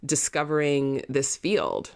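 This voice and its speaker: A woman's voice: very deep voice, sing-song, takes it slowly, creaky, a little mellow. A woman hosting a podcast, chatting casually and laughing often. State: tired from poor sleep. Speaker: podcast host. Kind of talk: casual interview chat.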